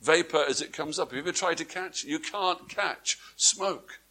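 A man preaching to a congregation, his voice bright and a touch high. He swings from hushed, slowed phrases to emphatic bursts, repeating words and checking in with rhetorical questions. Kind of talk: sermon. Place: church before a congregation, also streamed online.

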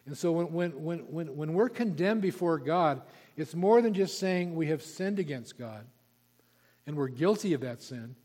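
A pastor preaching an expository sermon, emphatic and repeating key words for stress. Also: male voice, a little high, animated, moderate pace, a little mellow. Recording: long reverb of a large hall.

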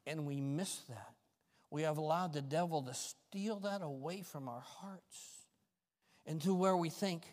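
A male pastor preaching a fervent sermon with folksy, self-mocking humor, swinging between shouts and quiet talk. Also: fairly high pitch, a little slow. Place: church sanctuary. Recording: long reverb of a church hall.

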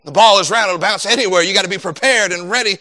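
A young man preaching a sermon, animated and dropping into quoted voices. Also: high voice, fast, no echo.

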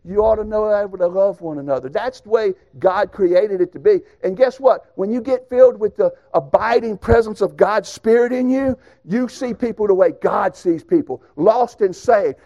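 Folksy preacher man, high voice. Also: warm tone, lo-fi sound. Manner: folksy, storytelling, emphatic. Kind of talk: sermon with personal stories.

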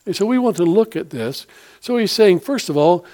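A man's voice: high-pitched, lively intonation, normal speed, dark tone. A man preaching a sermon in a folksy, rambling way with many fillers and restarts.

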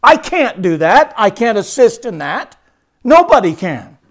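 High-voiced male pastor preaching emphatically. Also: sing-song, measured pace. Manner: emphatic, swings between loud declaration and hushed stress; repetitive preaching cadence. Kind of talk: sermon.

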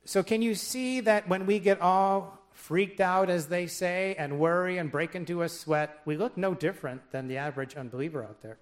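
A man's voice: high voice, normal speed, hardly any pauses. A man preaching a sermon in a conversational way, dropping wry joking asides and reading scripture aloud with emphasis. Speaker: pastor.

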